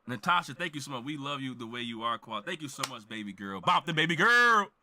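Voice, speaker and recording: A man who makes reaction videos, ranting loudly and emphatically to his audience. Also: medium pitch, big pitch swings, fast, slight background noise. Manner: loud, emphatic, shouts with indignation. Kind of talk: animated ranting monologue.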